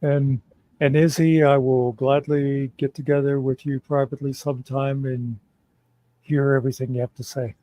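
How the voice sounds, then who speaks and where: A man taking part in a casual live-stream chat, speaking in a measured, halting way. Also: mid-range voice, little pitch movement, dark tone, rough recording.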